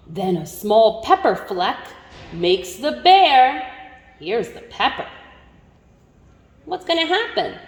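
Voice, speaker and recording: A woman teacher reading a picture book aloud, animated and full of wonder, gasping before each new page. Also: fairly high pitch. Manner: slow, animated, gasping with wonder between pages. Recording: echoey room with long reverb.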